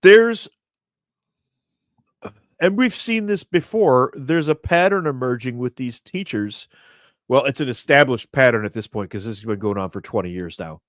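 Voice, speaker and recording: A man in his fifties co-hosting a casual talk show, animated and indignant, his voice jumping up when he gets worked up. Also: mid-range voice, moderate pace, no room sound, studio quality. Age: 50s. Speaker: podcast co-host.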